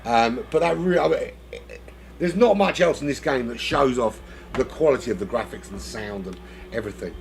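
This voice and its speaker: A man's voice: medium pitch, animated, brisk, gravelly, a little hiss or hum. A man giving casual live commentary on a sim race, rambling and joking as he hosts the lobby. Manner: rambling, jokey, self-interrupting.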